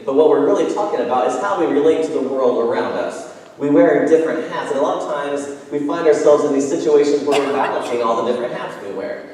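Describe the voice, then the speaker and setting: A man's voice: a little high, darkish tone. A man preaching a sermon as pastor, telling stories in a conversational way with frequent ums and restarts. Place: church sanctuary. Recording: echoey church hall from far off.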